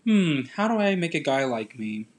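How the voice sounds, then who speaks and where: A young man co-hosting a podcast, talking loud and blunt in casual chat. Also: on the high side, big pitch swings, normal speed. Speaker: podcast co-host.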